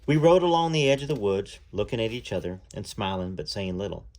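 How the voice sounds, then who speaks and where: A man narrating a book aloud at a measured pace, telling the story in the first person. He sometimes breaks off to add his own comments between passages. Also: lowish voice, big pitch swings, darkish tone.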